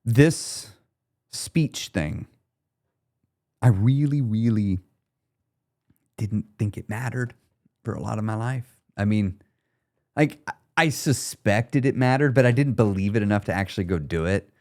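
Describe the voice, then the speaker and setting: A man's voice: on the low side, unhurried, long pauses. A man hosting his own podcast, coaching listeners directly in a casual, blunt, slangy solo monologue. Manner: animated coaching, talks straight to the listener; laid-back, slangy and blunt. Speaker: weight loss podcast host.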